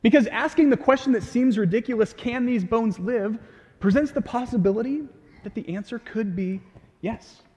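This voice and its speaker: A man's voice: very high voice, normal speed, darkish tone. A man preaching a sermon in a casual, conversational way with light humor. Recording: long hall reverb.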